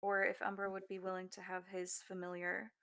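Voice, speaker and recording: A woman's voice: mid-range voice, completely flat delivery, a little fast, fairly bright tone, smooth. A woman playing a tabletop role-playing game, switching between speaking in character and describing her character's actions in the third person. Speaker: player.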